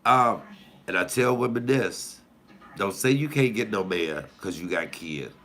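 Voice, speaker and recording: A man in his fifties doing casual comic storytelling, animated, jumping high and loud when he acts out outbursts. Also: unhurried. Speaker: comedian storyteller.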